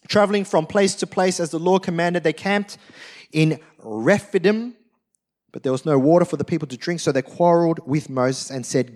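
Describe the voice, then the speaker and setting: A man preaching a sermon, telling stories with animated acted-out quotes. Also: high-pitched. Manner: animated storytelling, acts out quotes. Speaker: pastor.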